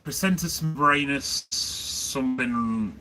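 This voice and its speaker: A man's voice: mid-range voice, slow, bright, forceful tone, slight background noise. A man chatting casually on a livestream from inside his food van, answering viewer comments as he works. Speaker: livestream host selling jacket potatoes.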